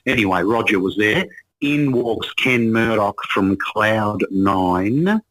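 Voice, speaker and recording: A man in his sixties with an Australian accent, a musician guest telling lively stories and acting out the people in them. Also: lowish voice, slow, low-quality recording. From Melbourne, Australia. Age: 60s. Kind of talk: casual storytelling interview.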